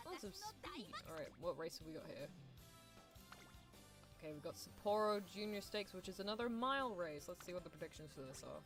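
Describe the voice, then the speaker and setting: A woman streaming a racing game, chatting casually with viewers and cheering on her runners with excitement. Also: lowish voice.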